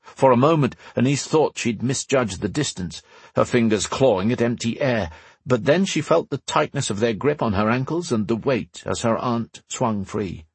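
A man narrating a fantasy audiobook in a measured storytelling manner, slowing for dramatic moments. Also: medium pitch, expressive, slightly rough, no room sound.

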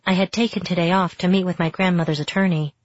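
Low-voiced woman reading a novel. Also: quick pace, no echo. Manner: steady, reflective storytelling. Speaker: audiobook narrator. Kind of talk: first-person novel narration. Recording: dry, dull lo-fi sound.

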